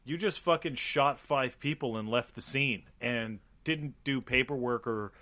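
A man's voice: medium pitch, unhurried. A man co-hosting a podcast, riffing on a movie in casual profane chat and acting out mocking quotes. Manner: animated, swears a lot, acts out mocking quotes. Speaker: podcast co-host.

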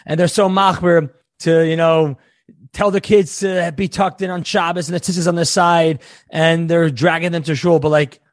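A man's voice: fairly high pitch, steady tone, moderate pace, no echo, studio quality. A man hosting a casual interview, thoughtful and searching for his words. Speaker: podcast host.

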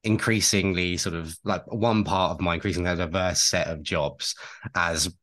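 A man's voice: low-pitched, fairly even intonation, normal speed, fairly bright tone. A young man co-hosting a podcast, chatting casually with rambling, self-deprecating asides. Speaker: podcast co-host and actor. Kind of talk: casual chat.

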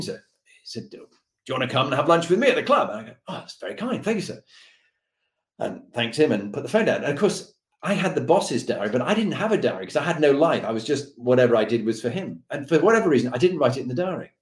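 A man recounts an army anecdote, acting out each voice in the story. His pitch rises and falls widely as he goes. The recording has a roomy echo. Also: fast talker. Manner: acts out dialogue with lively voices and laughs. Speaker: storyteller recalling army days. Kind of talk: animated anecdote telling.

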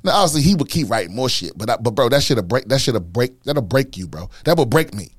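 A man hosting a casual podcast, ranting in a profane, animated way and repeating himself as he gets worked up. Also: mid-range voice, quick pace, slightly rough, dry recording, clean studio sound. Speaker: podcast host, comedian.

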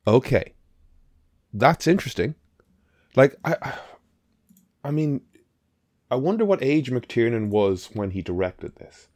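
A man's voice: medium pitch, lively intonation, unhurried, long pauses, a little mellow, dry recording, studio quality. A man co-hosting a podcast, chatting casually about a film in a rambling, emphatic way with the odd swear. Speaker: podcast co-host. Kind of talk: casual film review chat.

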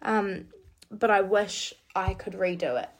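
Podcast host, young woman, candid confessional monologue, mid-pitched, speaks in quick bursts. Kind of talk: personal storytelling monologue.

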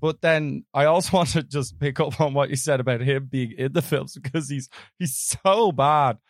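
A man's voice: medium pitch, moderate pace, dry recording, studio quality. A man co-hosting a film podcast, rambling in casual chat and laughing often. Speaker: podcast co-host.

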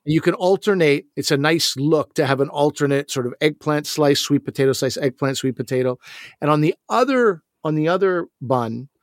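A man from Canada co-hosting a casual food podcast, talking in rambling, animated bursts with many restarts. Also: a little high, moderate pace, no echo, clean studio sound. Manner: rambling, animated, self-interrupting. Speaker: podcast co-host.

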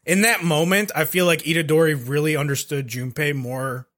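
A man talking animatedly on an anime podcast, with a bright, forceful voice pitched a little high. He rambles and swears freely in loose casual chat. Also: fairly even intonation, brisk. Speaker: podcast co-host.

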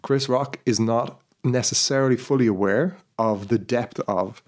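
A man's voice: mid-range voice, unhurried. A man hosting a casual podcast chat. He tells a long story in a rambling way and keeps checking in with his listeners as he goes. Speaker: podcast host.

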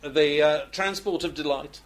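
A man's voice: a little high, a little slow. A man co-hosting a podcast, chatting casually and telling jokes with a chuckle. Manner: animated storyteller, chuckling. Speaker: podcast co-host.

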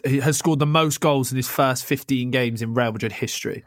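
Casting: young podcast co-host, lively and sweary, mid-pitched man, dry close sound. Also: a little fast, dry recording. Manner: animated, swears, laughs often. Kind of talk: casual football chat.

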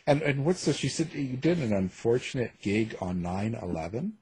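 A man's voice: mid-range voice, lively intonation, moderate pace, darkish tone, slightly rough. A man hosting an interview, laughing along and asking his guest questions. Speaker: podcast host. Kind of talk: casual interview chat.

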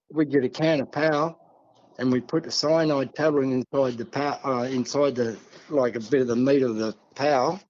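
A man's voice: mid-range voice, a little mellow, lo-fi sound. An older man with an Australian accent, telling stories in a rambling, folksy way as a podcast guest. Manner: rambling, folksy, peppers talk with "see" and "mate". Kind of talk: casual storytelling.

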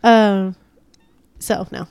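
A woman's voice: medium pitch, steady tone, extremely slow, gravelly, a little mellow, clear, resonant tone, no echo. A woman co-hosting a podcast, chatting casually and laughing often. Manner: chatty, laughs often, quotes people in put-on voices. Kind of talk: casual chat.

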